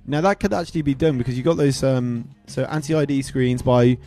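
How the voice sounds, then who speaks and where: Man, livestream host, rambling, joking, swearing, mellow dark voice. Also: medium pitch, fairly quick, faint music behind. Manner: rambling, jokey, swears a lot, trails off into asides.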